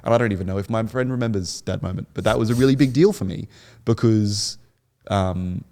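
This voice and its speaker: On a podcast, a young male guest recounts his story in an earnest, meandering interview, often starting over. He speaks fairly quickly in a fairly low, darkish voice.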